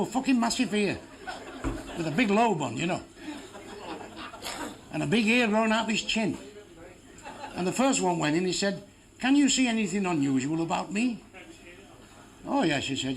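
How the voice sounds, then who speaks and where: Crude stand-up comic, high voice. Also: male voice, fairly bright tone. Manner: crude, heavy swearing, blunt punchlines. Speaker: stand-up comedian. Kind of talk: stand-up joke telling.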